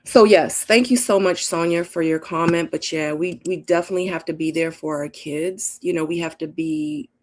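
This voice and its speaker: A woman's voice: sits low, normal speed, hardly any pauses. Chatty middle-aged woman reading live comments. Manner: chatty, emphatic, storytelling with acted-out quotes. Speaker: livestream host reading viewer comments. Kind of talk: casual live Q&A chat.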